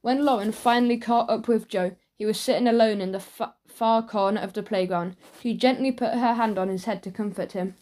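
A woman narrating a children's audiobook with lively storytelling. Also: on the high side, a little fast, few pauses. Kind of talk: scripted narration.

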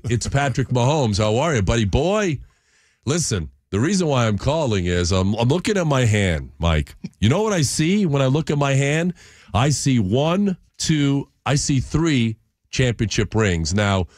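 A man's voice: mid-range voice, no echo, studio quality, natural voice. A man doing a cocky star quarterback. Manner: boastful, persuasive.

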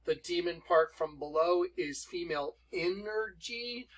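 High-voiced man preaching scripture. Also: animated, fairly bright tone, poor audio. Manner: emphatic, reads scripture aloud slowly. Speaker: Bible teacher. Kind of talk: preaching Bible study.

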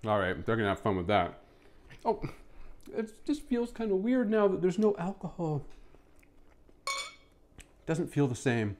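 Unhurried and pausing often, a man films himself tasting food, enthusiastic and casual, with plenty of contented mmm sounds. When he addresses his pet, his voice goes high and excited.

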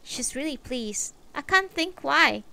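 A woman's voice: sits high, expressive, takes it slowly, creaky, sharp tone, voice pushed up, exaggerated voice. A woman reading aloud, voicing a blunt young woman who answers her mother offhandedly.

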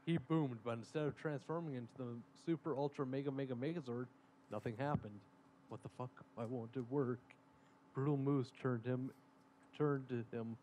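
A man's voice: mid-range voice, steady tone, normal speed, warm tone, slight background noise, rough recording. A man reading a silly story aloud to friends, dropping sarcastic asides. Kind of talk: comedic dramatic reading among friends.

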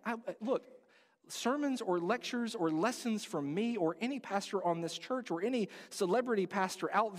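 Standing in a church sanctuary, a high-pitched male pastor preaches with a big-room sound around him. He speaks earnestly and conversationally, directly questioning the congregation.

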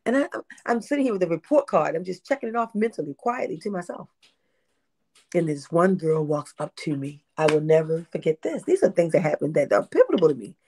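A woman, telling stories in an interview with animated delivery and frequent repetition. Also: sits low, brisk, husky. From Baltimore, USA. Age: 50s. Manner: animated, repeats herself, acts out quotes. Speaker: interview guest, independent filmmaker. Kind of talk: casual interview storytelling.

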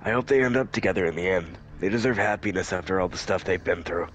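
A man's voice: sits low, fast. A man casually joking and commenting during a game playthrough. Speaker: gamer. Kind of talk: let's play commentary.

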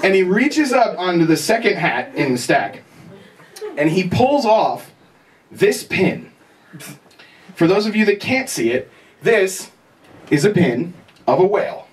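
A young man doing stand-up at a bar comedy night, telling a story in an animated way, swearing casually and acting out the scenes. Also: sits high, measured pace, pauses often. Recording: distant mic, loud bar noise.

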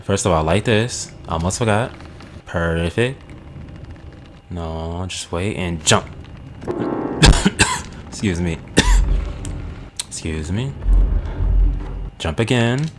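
A man's voice: low voice, lively intonation, drawn-out words, long pauses, noisy background. A young man doing let's play commentary, swearing a lot and talking at the screen. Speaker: gaming channel host. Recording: game music behind the voice. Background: game music.

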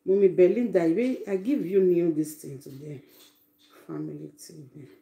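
A woman's voice: on the low side, moderate pace, creaky, dark tone, slight background noise. A Nigerian woman chatting casually on a live stream, greeting her viewers one by one with effusive exclamations. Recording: roomy echo.

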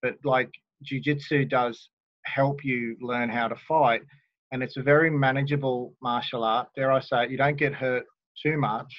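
A man's voice: mid-range voice, steady tone, normal speed, no room sound, highs cut off. A man hosting a podcast, easygoing and encouraging as he chats with his guest. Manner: easygoing, encouraging, laughs along. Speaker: podcast host. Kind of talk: casual podcast conversation.

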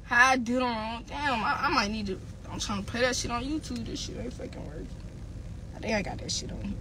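A woman's voice: on the high side, a little fast, background noise. A woman rapper ranting angrily on a livestream. She swears constantly and keeps hammering the same insults and phrases. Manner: heated, profane, repeats insults. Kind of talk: angry livestream rant.

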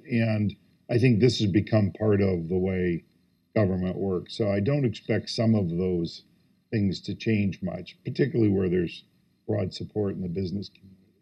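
A man speaking on a policy panel, measured and hedging, pausing often with fillers. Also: sits low, dull audio. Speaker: government technology official on a panel. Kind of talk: panel discussion.

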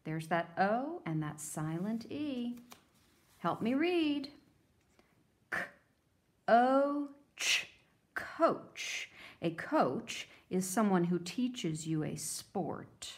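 A woman's voice: medium pitch, sing-song, slow. A woman teacher giving a phonics lesson to young children, sounding out words letter by letter.

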